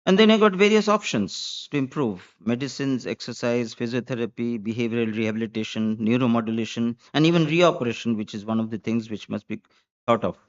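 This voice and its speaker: Emphatic male surgeon lecturing, lo-fi sound. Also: a little high. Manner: emphatic, repeats key words, lists points. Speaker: spine surgeon giving a conference talk. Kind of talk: medical conference lecture.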